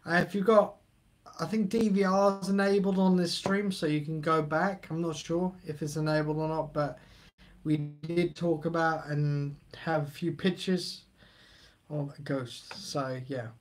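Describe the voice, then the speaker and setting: A man's voice: a little high, steady tone, unhurried. A middle-aged man, hosting a live stream and chatting casually while reading the chat aloud.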